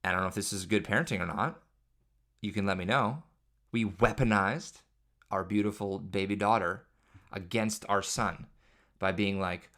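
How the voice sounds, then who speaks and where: A man with a fairly low voice hosts a podcast as a solo, casual comedic monologue. He rambles from one parenting story to the next, joking and exaggerating as he goes. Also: moderate pace, long pauses, fairly bright tone. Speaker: podcast host.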